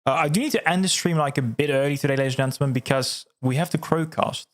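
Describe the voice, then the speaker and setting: A man hosting a livestream, chatting casually and reading out viewer comments, excitable, laughing often and repeating words. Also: on the high side, fast talker. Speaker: livestream host.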